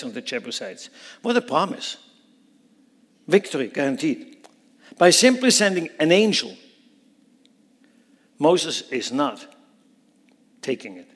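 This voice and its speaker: A man preaching a sermon, dramatically acting out biblical dialogue with rising intensity. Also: medium pitch. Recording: long hall reverb.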